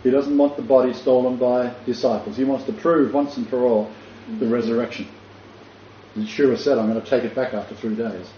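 Speaking in a mellow, medium-pitched voice, a Bible teacher delivers a sermon, painting the story vividly. His delivery wanders, often restarting and broken up by chuckles. It was recorded in a dull, echoey room with a bit of faint noise.

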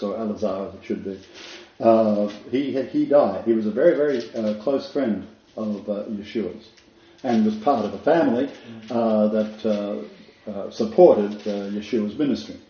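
A man's voice: medium pitch, slight background noise. A man giving a Bible lecture in a conversational way, with many fillers and restarts, reading scripture aloud. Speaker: Bible teacher. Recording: dull, roomy hall recording.

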